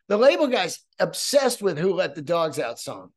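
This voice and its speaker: A man hosting a podcast, telling a story in a casual, profane, excitable way. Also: high-pitched, moderate pace, hardly any pauses, breathy edge. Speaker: podcast host.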